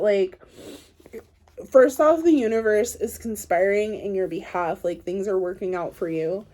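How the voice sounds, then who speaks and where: A woman's voice: mid-range voice, normal speed, dark tone. A woman giving a casual pick-a-card tarot reading to her viewers, rambling and chatty with lots of ums and likes. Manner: chatty, rambling, filler-heavy. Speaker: tarot reader.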